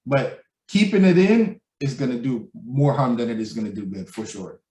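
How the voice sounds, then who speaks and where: A man's voice: mid-range voice, moderate pace, far from the mic. A man co-hosting a casual podcast, talking animatedly and acting out people he quotes. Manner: animated, acts out quoted voices, laughs loudly. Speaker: podcast co-host. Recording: echoey room, voice a bit off mic.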